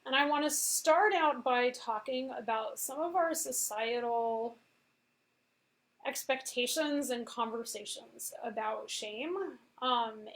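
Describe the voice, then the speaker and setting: A woman's voice: on the high side, a bit bright, rough recording. A woman in her forties, a veterinarian and coach, giving a casual motivational talk and often checking in with "okay?". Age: 40s.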